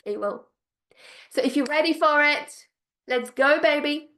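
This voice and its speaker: A woman's voice: sits high, measured pace. A woman business coach speaking straight to her viewers, gushing and emphatic, repeating her phrases to drive them home. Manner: bursts of excited laughter. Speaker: business coach for spiritual entrepreneurs. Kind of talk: direct-to-camera pitch.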